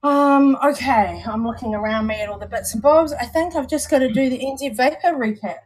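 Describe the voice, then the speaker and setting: A woman's voice: high voice, brisk, a little mellow. A woman with a New Zealand accent, co-hosting a casual chat and explaining things at length with lots of restarts. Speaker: vape show co-host.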